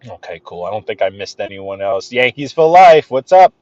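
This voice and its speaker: New york dude rambling to his chat from the car, lively up-and-down voice, dry dull lo-fi sound. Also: fairly low pitch, moderate pace, dry recording. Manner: chatty, greets viewers by name, says friggin'. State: clearing his throat often, under the weather. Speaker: livestream host driving. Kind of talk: casual live-stream chat while driving. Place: inside a car on city streets.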